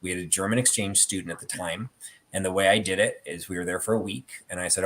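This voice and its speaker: A middle-aged man with a fairly low voice hosts a relaxed talk. He rambles through anecdotes, sprinkling in "um" and "you know" as he goes. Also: fast. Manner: rambling storyteller with many fillers. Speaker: host. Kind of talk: casual chat about theatre collectibles.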